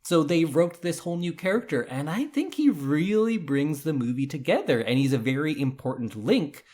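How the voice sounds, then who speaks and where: A man's voice: a little high, expressive, normal speed, a little mellow. A man co-hosting a podcast, explaining a classic film's history and characters in a casual, storytelling way. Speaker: podcast co-host. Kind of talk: casual film discussion.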